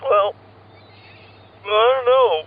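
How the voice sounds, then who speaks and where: A man's voice: high-pitched, slow pace, phone-quality sound. An actor playing a sensitive, needy male skiff driver who talks in a whiny, hurt way. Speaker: skiff man.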